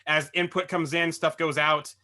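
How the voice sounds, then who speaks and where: A man's voice: on the high side, flat delivery, moderate pace, pushed and bright. A man co-hosting a podcast in casual chat, eagerly laying out his theories. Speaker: podcast co-host.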